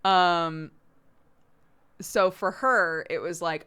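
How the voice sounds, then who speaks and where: A low-voiced American woman chats casually to her stream while she plays, laughing often. Her voice is smooth and clear, with an easy, talkative flow. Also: expressive, measured pace, a bit bright. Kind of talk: casual chat while gaming.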